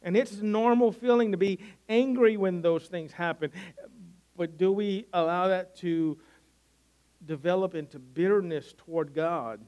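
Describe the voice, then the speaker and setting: Male pastor, slightly higher voice, earnest conversational sermon delivery. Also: measured pace, a little mellow. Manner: earnest, conversational preaching with frequent restarts.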